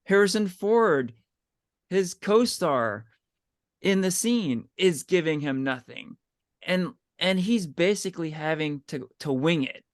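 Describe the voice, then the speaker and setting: A man's voice: a little high, lively intonation, takes it slowly, no room sound, clean studio sound. A man co-hosting a podcast, talking eagerly in casual chat and often asking "right?". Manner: enthusiastic, chatty, often asks "right?". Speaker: podcast co-host.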